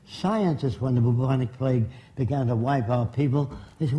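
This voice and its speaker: An older man giving an informal talk, telling sardonic stories and mocking asides, sometimes putting on quick voices for the people he quotes. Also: medium pitch, expressive, dark tone, low-quality recording. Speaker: speaker on science and religion. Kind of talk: informal lecture.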